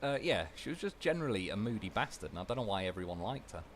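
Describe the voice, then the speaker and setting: A man's voice: lowish voice, big pitch swings, quick pace, slight background noise. Sweary man chatting while gaming. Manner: sweary, rambling, laughs through anecdotes. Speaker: livestreamer. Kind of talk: casual chat while gaming.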